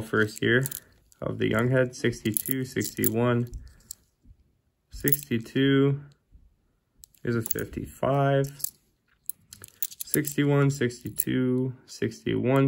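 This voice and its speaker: A man's voice: steady tone, takes it slowly, gravelly, pauses often. A man hosting a coin hunting video, casually calling out dates as he sorts coins. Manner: calls out coin dates one after another in a low-key way. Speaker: coin roll hunting channel host. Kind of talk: casual narration while sorting coins.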